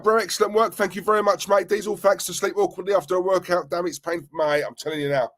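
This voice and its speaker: A man's voice: high-pitched, fairly even intonation, fast, few pauses, fairly bright tone. A man hosting a live football stream, talking earnestly and repeating himself, with plenty of fillers. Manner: earnest, repetitive, chatty, uses fillers like "you know". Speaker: football channel host.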